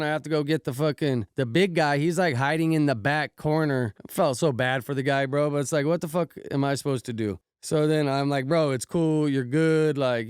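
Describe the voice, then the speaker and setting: A man with a slightly high, smooth voice recounts a wild night in loose, slang-heavy, profane chatter. His voice is recorded close and dry. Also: a little mellow, dry recording. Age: adult, married with kids. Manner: slangy, profane, repeats "bro" often. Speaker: podcast host recounting an incident. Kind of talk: casual storytelling.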